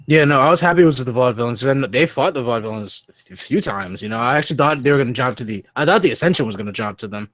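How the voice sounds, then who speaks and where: A man co-hosting a casual wrestling podcast, excitable and jokey, swearing and mimicking wrestlers as he talks. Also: medium pitch, rapid-fire, few pauses, dry recording. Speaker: podcast co-host.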